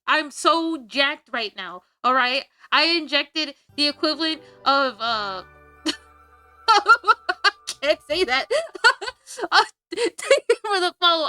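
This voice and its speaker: A woman's voice: high voice, expressive, slow, bright, forceful tone, dry recording, clean studio sound. A young woman streaming from home, chatting casually with her chat, play-acting anger and laughing often. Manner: playful mock-angry banter with frequent laughs.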